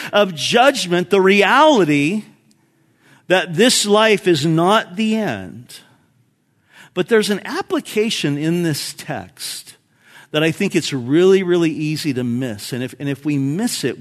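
Middle aged pastor guy preaching, pretty high voice, gets loud then drops way down. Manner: expository preaching, rises and drops in volume for emphasis. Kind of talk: sermon.

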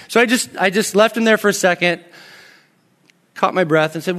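A man in his thirties, a pastor preaching a sermon in a conversational storytelling way, dropping to soft, quiet tones when he tells personal stories. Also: sits high, a little fast. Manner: conversational storytelling, drops to soft near-whispers in anecdotes.

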